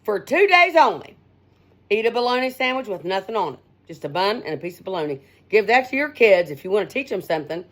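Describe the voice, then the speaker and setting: A middle-aged woman radio host giving a rambling, folksy straight-talk monologue, her pitch swinging up and down as she talks. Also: big pitch swings, fast.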